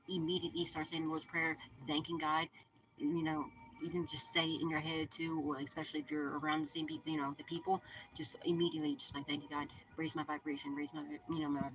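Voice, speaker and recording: Woman, low voice, profane spiritual channel host, repetitive reassurance, light noise. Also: a bit bright, poor audio. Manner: profane, emphatic, repeats reassurances. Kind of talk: casual spiritual pep talk to viewers.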